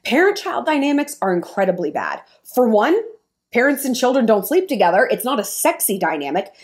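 A woman's voice: a little high, a little mellow. A woman vlogger giving frank, opinionated dating advice in an emphatic talk to the camera. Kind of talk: monologue to camera.

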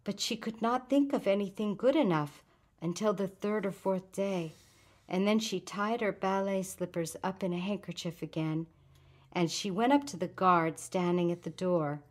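A woman reading the part of a grieving adult refugee woman, speaking softly with controlled bitterness. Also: medium pitch, moderate pace, natural voice. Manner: soft, hushed, controlled grief.

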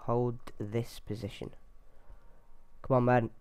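Give me a man casually commentating his own game, with a smooth, clear voice that jumps into excited shouts. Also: medium pitch, slow pace, no room sound. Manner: chatty running commentary with sudden excited yelps. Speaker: gameplay video host.

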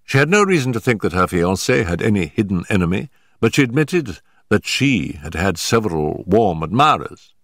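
An older man narrates a story in a low, measured voice with a grave, unhurried weight. The recording is close and dry, with no room sound. Every sentence is delivered with deliberate storytelling care. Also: very animated, fairly bright tone, no room sound. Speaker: audiobook narrator. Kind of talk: scripted narration.

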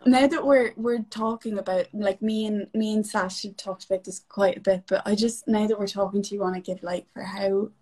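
A young adult actress in casual chat, effusive and rambling, full of fillers and restarts. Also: female voice, mid-range voice, fairly even intonation, fairly quick, hardly any pauses, darkish tone, husky. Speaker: actress guest. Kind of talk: casual chat among actors.

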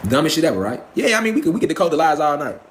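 A man's voice: a little high, sing-song, very fast. Man, live stream rant, preachy, profane, rhetorical questions, faint ambient hum.

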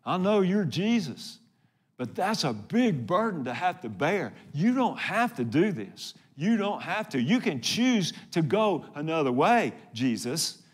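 A deceitful devil whispering temptation, as a preacher puts him on, sweet-talking and persuasive. The voice stays fairly high and close to the preacher's own. Soft, reasonable-sounding coaxing. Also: male voice, big pitch swings, a little slow, slightly rough, heavily acted. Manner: persuasive, wheedling.

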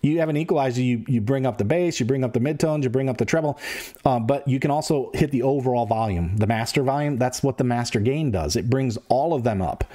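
A middle-aged man talks through device settings in a relaxed, plain-spoken way. He repeats himself and reaches for homely comparisons, his voice sitting at an ordinary male pitch. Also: fast. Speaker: host of a radio-control gear channel. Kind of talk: casual screen-share tutorial.

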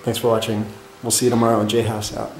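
A man's voice: on the low side, monotone, fast talker. A man in his thirties, a father co-hosting a family vlog, easygoing and asking viewers questions. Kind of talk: casual vlog narration.

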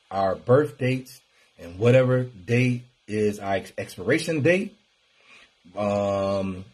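Brief: raspy-voiced male host, mid-pitched, chatty preaching with lots of repetition. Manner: preachy, animated, colloquial and repetitive. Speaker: wellness talk host. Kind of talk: casual motivational live stream.

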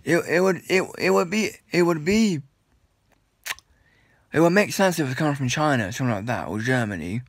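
A man's voice: a little high, moderate pace, dry recording, clean studio sound. A young man from the UK ranting in a vlog, annoyed and rambling, with many restarts and blunt complaints. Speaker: vlogger.

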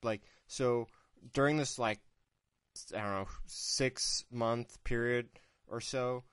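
A man hosting a podcast who asks halting, hesitant questions in casual chat. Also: mid-range voice, steady tone. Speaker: podcast host.

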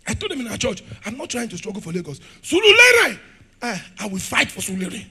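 A middle-aged Nigerian pastor preaching a fiery sermon in a church, shouting, laughing and firing questions at the congregation. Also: male voice, sits high, quick pace, vocal fry, slightly rough.

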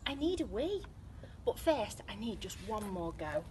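A woman's voice: medium pitch, very animated, a little slow, noisy background. A woman reading aloud and voicing an eager young male bear who keeps begging for one more go, in a pleading storybook voice.

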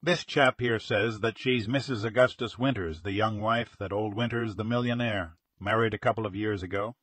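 A man's voice: fairly low pitch, fairly even intonation, normal speed, a bit bright, no room sound. A man reading as a respectful police sergeant. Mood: matter-of-fact. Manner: respectful, matter-of-fact.

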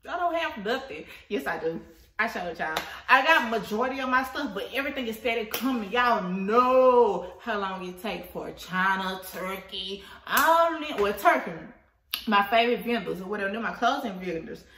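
A woman who runs a small business, chatting excitedly to her viewers while she unboxes a package, laughing often, with the camera set some way off. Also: medium pitch, normal speed, recorded from a distance, a little hiss or hum. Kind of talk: casual vlog chat to viewers. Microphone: camera at a distance. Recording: echoey room, voice off-mic.

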